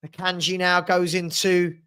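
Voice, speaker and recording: A man with a high voice talks through a live match as its host. He calls the passes in casual play-by-play and breaks off to answer viewers' comments in a loose, friendly chat. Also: little pitch movement, unhurried, bright, forceful tone, smooth. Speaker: watchalong host.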